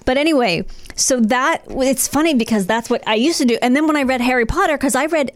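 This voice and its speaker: A woman's voice: high voice, brisk, no echo. A middle-aged woman co-hosting a podcast, chatting casually and laughing often as she tells stories. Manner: giggly, animated storyteller. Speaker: podcast co-host. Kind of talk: casual chat.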